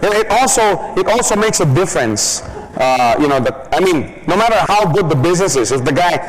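A man's voice: fairly high pitch, expressive, fairly quick, low-quality recording. A man giving a casual training talk who jokes and laughs often. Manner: casual, joking, laughs often, many "you know". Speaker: business trainer.

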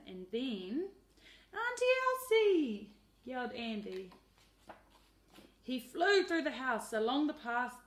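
Woman teacher, storybook reader, fairly high, expressive, echoey room. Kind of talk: reading a picture book aloud. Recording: roomy echo.

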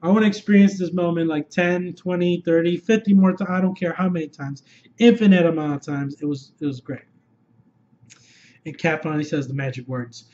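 A man giving an excitable, rambling, unscripted review full of swearing, recorded on a dull lo-fi setup. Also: on the high side, moderate pace. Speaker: movie reviewer.

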